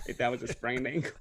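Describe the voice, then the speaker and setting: A man, co-hosting a podcast in casual chat, firing off eager questions and restarting his sentences. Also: medium pitch. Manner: excited questions, stumbling restarts. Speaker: podcast co-host.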